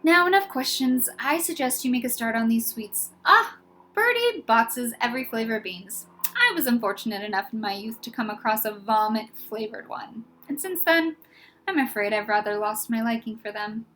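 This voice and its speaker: A woman's voice: on the high side, animated, moderate pace, a bit bright. A woman voicing a dreamy, whimsical old male headmaster in a storybook reading. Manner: dreamy, playful.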